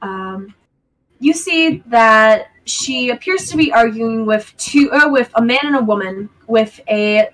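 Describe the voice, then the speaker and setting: Game master, woman, hesitant and giggly narration, higher pitch. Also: lively intonation, takes it slowly, fairly bright tone, rough recording. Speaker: dungeon master.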